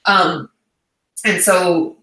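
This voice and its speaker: A woman in her thirties talks through viewer questions in a relaxed, reassuring livestream chat. Her voice is bright and clear. The room around her rings with a noticeable echo. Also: fairly low pitch, drawn-out words. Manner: chatty and reassuring, many "um"s and "like"s. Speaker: therapist and channel host.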